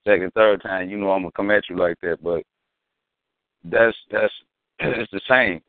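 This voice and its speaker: This co-host's low voice moves at a normal speed, and there's no echo on the dry, phone-like lo-fi recording. He chats casually on the podcast, telling stories in an emphatic, slang-heavy manner.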